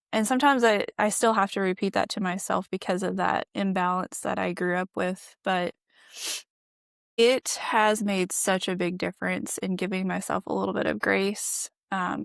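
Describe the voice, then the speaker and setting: A woman's voice: medium pitch, steady tone, normal speed, creaky, no room sound, clean studio sound. A woman guest on a podcast, telling her story in an earnest, reflective way and laughing often. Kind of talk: candid conversational storytelling.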